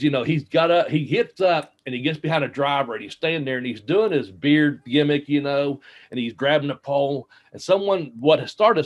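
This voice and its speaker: A man, a former wrestler, telling rambling road stories in a casual interview, full of fillers and laughter. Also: medium pitch. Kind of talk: casual storytelling. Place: home, smart speaker nearby.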